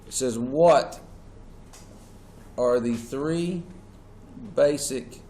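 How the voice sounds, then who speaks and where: A man's voice: medium pitch, drawn-out words, mellow. A man lecturing a class as their teacher, asking questions and stressing key words. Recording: echoey classroom with faint noise.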